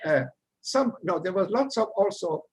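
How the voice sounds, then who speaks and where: A man's voice: high voice, expressive, moderate pace, slightly rough. An older man from Iran, telling his immigrant story in a rambling, humorous way. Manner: rambling, humorous, laughs at himself. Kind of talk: casual storytelling talk.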